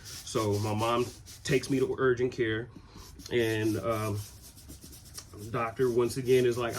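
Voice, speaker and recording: A man in his twenties from Southern California, telling a personal story in a relaxed, rambling way with many fillers. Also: medium pitch, measured pace, long pauses. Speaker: vlogger. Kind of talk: casual storytelling.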